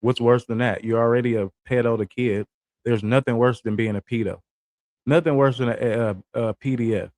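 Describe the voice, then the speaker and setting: A man's voice: medium pitch, fairly even intonation, normal speed, darkish tone, no echo. A young American man giving blunt, slangy livestream commentary and asking his viewers questions. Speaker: livestream reaction host.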